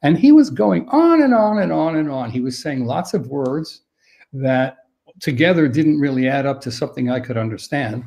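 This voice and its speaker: Mellow-voiced older man giving gentle advice. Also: medium pitch, expressive, vocal fry. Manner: thoughtful, halting, many restarts. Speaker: dementia care expert guest. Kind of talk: conversational advice on a live stream.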